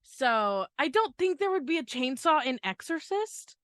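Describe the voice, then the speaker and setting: A woman's voice: high voice, sing-song, measured pace, dry recording, studio quality. A woman co-hosting a podcast, chatty and nervous in tone, with lots of "um" and "like". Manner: chatty, nervous, giggly, with many fillers. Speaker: podcast co-host. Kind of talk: casual podcast chat.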